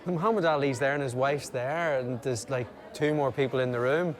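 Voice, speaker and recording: A man telling animated anecdotes in casual chat, slipping into impressions and laughter. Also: medium pitch, fairly quick. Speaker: guest.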